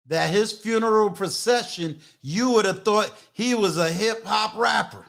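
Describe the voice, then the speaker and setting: An older man hosting a live-streamed talk show, emphatic, booming out introductions and shout-outs. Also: unhurried, gravelly, few pauses. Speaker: host.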